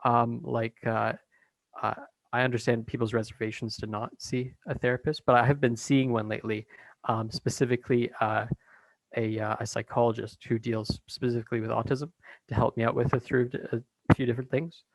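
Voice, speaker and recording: Flat-voiced hesitant man guest. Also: medium pitch, brisk, no room sound, poor audio. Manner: hesitant, many fillers and restarts. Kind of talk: casual conversation.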